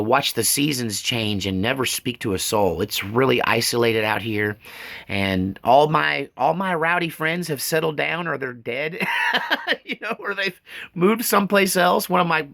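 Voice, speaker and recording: A man's voice: a little high, lively intonation, measured pace, vocal fry, sharp tone. A middle-aged man, talking to camera in a folksy, rambling way and often choking up. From Texas. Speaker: vlogger reading fan mail. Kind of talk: casual, heartfelt talk to camera. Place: rural land outdoors.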